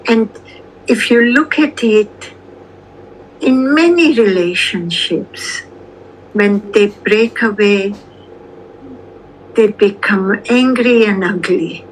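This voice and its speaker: An older woman speaking as an interview guest, calm and measured, with long pauses between phrases. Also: mid-range voice, slight background noise, low-quality recording. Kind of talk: slow reflective conversation.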